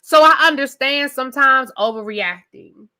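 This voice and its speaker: A woman hosting a live TV review show, talking loudly and emphatically straight to her viewers in a casual rant. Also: high-pitched, moderate pace. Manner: loud, emphatic, talks straight to the audience.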